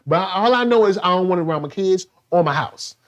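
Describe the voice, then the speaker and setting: A man co-hosting a laid-back show review, joking and acting out scenes as he talks. His voice leaps up and down in pitch, and he speaks colloquially and loosely. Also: brisk, dull audio. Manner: animated, acts out scenes in silly voices. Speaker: podcast co-host. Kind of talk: casual TV review chat.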